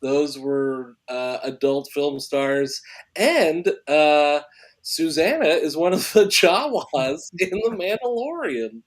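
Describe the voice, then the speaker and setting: A male actor and filmmaker, a guest on a podcast, telling an animated anecdote and laughing often as he talks. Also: a little high, slow. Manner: excitable, laughs often while storytelling.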